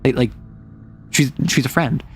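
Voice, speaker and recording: A man's voice: medium pitch, unhurried, husky, soft background music. A man doing a breezy reassuring schoolgirl. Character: teen schoolgirl, casual and reassuring.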